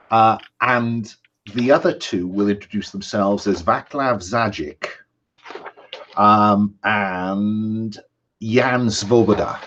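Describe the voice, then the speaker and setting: A man narrating a tabletop game as game master, measured and pausing on frequent ums. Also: on the low side, fairly bright tone, muffled recording, slight background noise.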